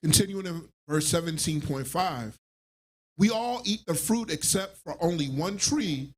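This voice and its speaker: A man reading scripture aloud in a steady, measured way during a class. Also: on the high side, husky.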